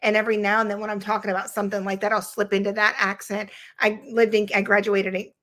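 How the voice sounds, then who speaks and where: A woman's voice: mid-range voice, level tone, fast, fairly bright tone. A woman guest in a casual podcast chat, talking in a rambling, playful way.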